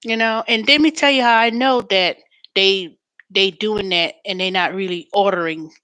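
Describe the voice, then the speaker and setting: A woman hosting a show in a chatty, storytelling way, turning animated when she quotes callers. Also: mid-range voice, moderate pace, clean tone, dry recording. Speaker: host. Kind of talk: casual chat.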